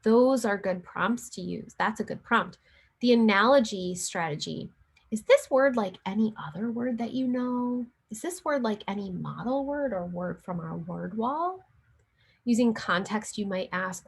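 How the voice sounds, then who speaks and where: A woman's voice: mid-range voice, normal speed, gravelly, breathy edge. A woman giving a casual recorded lecture on teaching reading, with fillers and light laughs. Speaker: teacher educator.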